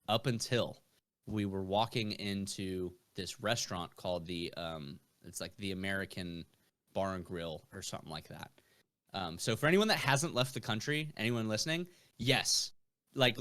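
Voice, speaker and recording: A man's voice: lowish voice, sharp tone. A young man who is a podcast guest, telling rambling anecdotes full of fillers and swearing. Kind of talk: casual storytelling.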